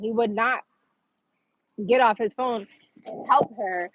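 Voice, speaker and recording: A woman's voice: a little high, takes it slowly, narrow, tinny audio. A woman hosting a livestream, telling a personal story in a casual, chatty way with lots of "like" fillers. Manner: chatty, filler-heavy with frequent "like". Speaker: livestream host.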